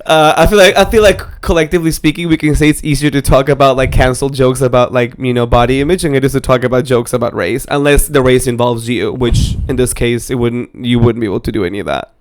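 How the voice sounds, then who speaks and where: Man, podcast co-host, casual rambling chat, smooth clear voice, medium pitch. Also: steady tone, fast, few pauses. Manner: rambling, hedging, lots of "like".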